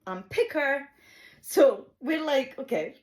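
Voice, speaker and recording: A young woman telling a chaotic personal story, animated and swearing freely, laughing often. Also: high-pitched, slow pace. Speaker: vlogger. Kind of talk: casual storytime.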